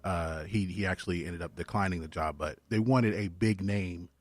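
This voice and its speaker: A man co-hosting a casual sports talk show, calm and measured as he fills in facts. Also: sits low. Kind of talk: casual sports commentary chat.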